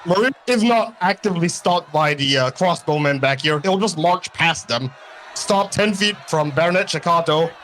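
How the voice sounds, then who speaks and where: Casual male gamer at the table, slightly high voice. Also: moderate pace, fairly bright tone, rough recording. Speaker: player.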